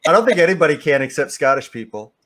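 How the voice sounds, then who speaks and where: A man joining a video-call chat as a guest, relaxed with dry jokes. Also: fairly high pitch, quick pace. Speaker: guest comic artist. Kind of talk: casual chat.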